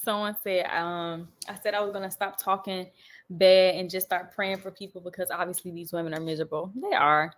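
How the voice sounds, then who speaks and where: A woman's voice: on the low side, fairly even intonation, fairly quick. A young woman hosting a casual livestream, reading viewer comments and chatting with frequent laughs. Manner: chatty and laughing often, talking straight to viewers. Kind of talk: casual chat.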